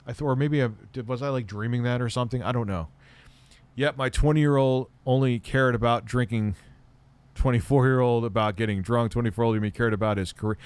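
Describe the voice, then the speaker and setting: A man's voice: medium pitch, steady tone, a little fast, darkish tone, clear, resonant tone, no echo. A man hosting a livestream, answering viewer questions in a blunt, offhand way and swearing often. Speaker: livestream host.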